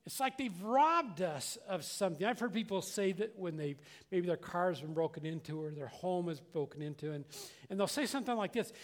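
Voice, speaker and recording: A man's voice: high voice, expressive, a little fast. An older man preaching a conversational sermon as a pastor, earnest and plainspoken, often restarting and repeating words.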